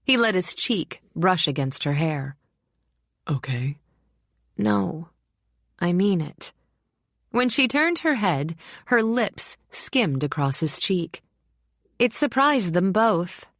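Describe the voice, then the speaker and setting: Low-voiced woman narrating an audiobook. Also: big pitch swings, slow pace, a bit bright, dry recording, studio quality. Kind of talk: scripted narration.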